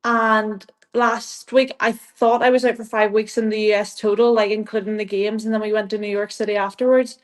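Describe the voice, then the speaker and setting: A woman's voice: medium pitch, level tone, normal speed, hardly any pauses. A young woman with an Irish accent, a guest chatting casually in an interview, rambling with lots of "like" and frequent laughs. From Ireland. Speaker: guest athlete.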